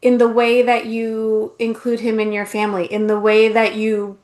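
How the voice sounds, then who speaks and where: A woman's voice: a little high, completely flat delivery, normal speed, a little mellow. A woman in her forties co-hosting a podcast, chatting casually with wry, opinionated remarks. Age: 40s. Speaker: podcast co-host. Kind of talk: casual chat.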